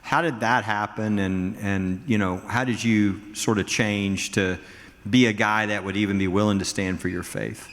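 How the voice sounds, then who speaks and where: Lower-voiced man hosting an interview. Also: steady tone, normal speed, a bit bright. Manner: prompting, conversational. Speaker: interview host. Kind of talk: interview questions. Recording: hall reverb.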